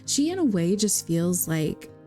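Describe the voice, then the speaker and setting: A woman's voice: on the low side, sing-song, unhurried, mellow, faint music behind. A young woman giving chatty, giggly gameplay commentary, talking straight to her viewers. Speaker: gaming video creator.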